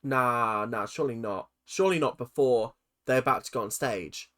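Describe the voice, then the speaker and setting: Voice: medium pitch, moderate pace, a bit bright. A reaction video host giving chatty, rambling commentary, laughing often and swearing casually.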